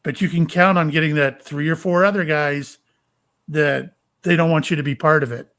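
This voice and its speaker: An older man from Florida, a psychic medium and retired police officer, telling stories in a halting, rambling way with many fillers. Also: fairly high pitch, steady tone, fairly bright tone. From Florida, USA. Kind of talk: casual storytelling interview.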